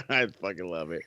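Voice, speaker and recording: A man's voice: low voice, bright, forceful tone, dry recording. A man co-hosting a podcast in casual chat, jokey and profane, always teasing. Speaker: podcast co-host.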